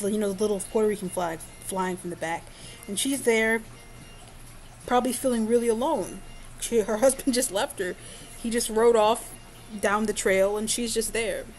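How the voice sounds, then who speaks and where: A woman's voice: mid-range voice, a little hiss or hum. A woman vlogger telling a personal story in a casual, rambling way, with frequent fillers and restarts.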